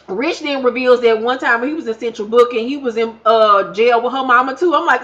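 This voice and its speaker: A woman's voice: on the high side, a little fast, hardly any pauses, a bit bright, lo-fi sound. Sassy, profane woman recapping reality TV. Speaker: reality TV reviewer. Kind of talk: casual recap vlog.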